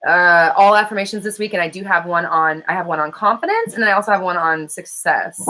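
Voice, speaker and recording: A woman host and manifestation coach chatting casually and quickly with livestream viewers, full of fillers and the odd swear. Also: lowish voice, expressive, heavy background noise. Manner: fast-talking, self-described. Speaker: law of attraction coach and host.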